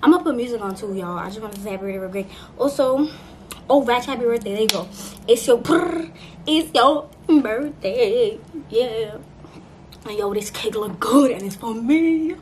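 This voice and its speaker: A woman's voice: a little high, animated, fast talker, darkish tone. An eighteen-year-old woman vlogging at home, chatty and playful, talking straight to her viewers. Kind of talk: casual chat to camera. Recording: noisy home recording.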